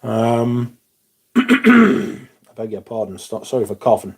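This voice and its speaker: A man's voice: medium pitch, wildly swooping pitch, slow, slightly rough. A man hosting a livestream, chatting casually with viewers, greeting them by name and swearing freely. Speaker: livestream host.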